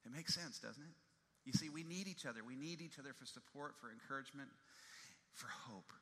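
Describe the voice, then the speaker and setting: A man preaching a sermon with a very bright, sharp voice that rings out through a reverberant hall. He tells his stories emphatically and hammers home key phrases by repeating them, his pitch sitting right in the middle range. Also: a little fast. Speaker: pastor.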